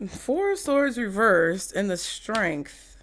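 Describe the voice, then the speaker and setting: A woman's very animated, fairly bright mid-range voice unfolds slowly as she does a casual tarot reading. Chatty and free with swearing, she voices quotes in mocking impressions, breaks off to laugh, lets thoughts trail away, and restarts.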